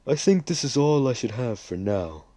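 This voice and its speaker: A man's voice: medium pitch, lively intonation, normal speed, dark tone, no room sound, pitched above the performer's own voice, close to an everyday voice. A man voicing a cold, menacing young male cartel boss who makes blunt, swearing threats. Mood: calm.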